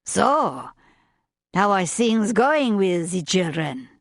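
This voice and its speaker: A woman voicing a forceful, exacting male chef with a French accent, slow and brisk in turn. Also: medium pitch, very animated, no room sound, studio quality. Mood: brisk, curious. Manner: brisk, commanding.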